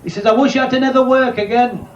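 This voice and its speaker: Cheeky club comic, high voice. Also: male voice, steady tone, fast, highs cut off. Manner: cheeky, crude banter with the crowd. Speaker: club comedian. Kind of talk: bawdy stand-up joke telling. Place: pub or working men's club. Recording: echoey live club recording with loud crowd noise.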